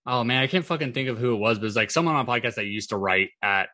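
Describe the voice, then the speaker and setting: A man co-hosting a casual wrestling podcast, talking in halting bursts full of fillers and the odd swear word. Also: medium pitch, bright, forceful tone, dry recording. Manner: halting, filler-heavy, profane. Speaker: podcast co-host.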